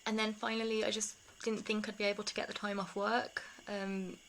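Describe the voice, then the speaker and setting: A woman talking candidly to camera in a rambling, confiding way, laughing softly between thoughts. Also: mid-range voice, little pitch movement, fairly quick, soft background music, low-quality recording. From England. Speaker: vlogger. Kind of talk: casual talk to camera.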